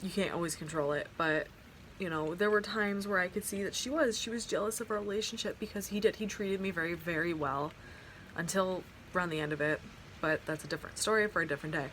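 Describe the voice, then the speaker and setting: Young woman on her phone at home venting a story, kinda low voice, lots of likes and restarts, faint noise from the open window. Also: fast, fairly bright tone. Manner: rambling, heartfelt storytelling with many fillers and restarts. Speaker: vlogger. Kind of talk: casual storytime vlog. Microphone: phone camera.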